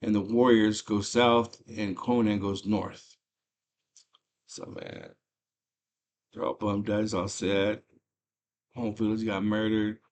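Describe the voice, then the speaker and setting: Host, male, low-pitched voice, casual slangy movie recap, excited storyteller. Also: slow, pauses often. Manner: animated, slangy storytelling with frequent fillers.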